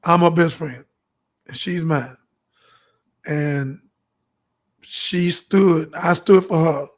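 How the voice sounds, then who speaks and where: A man's voice: fairly high pitch, slow. A man hosting his own show, delivering a fervent, preachy monologue and acting out the dialogue in his stories. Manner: fervent, storytelling, acts out dialogue. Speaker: show host.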